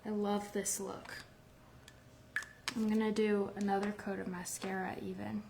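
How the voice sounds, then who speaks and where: A woman's voice: mid-range voice, creaky, a little mellow. A woman hosting a casual makeup tutorial, chatting through each step in a rambling way and restarting her phrases. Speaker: beauty brand host demonstrating makeup.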